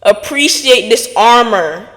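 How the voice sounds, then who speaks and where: A woman's voice: fairly high pitch, lively intonation, slow, fairly bright tone, long reverb tail. A woman hosting a podcast, giving an earnest motivational talk straight to her listeners. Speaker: podcast host.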